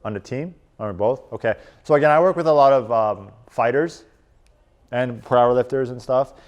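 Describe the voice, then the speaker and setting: A man coaching a live audience in a casual, animated presentation. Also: medium pitch, normal speed, dull audio. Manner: casual and animated, lots of "like" and "right?". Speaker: strength and performance coach. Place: conference room.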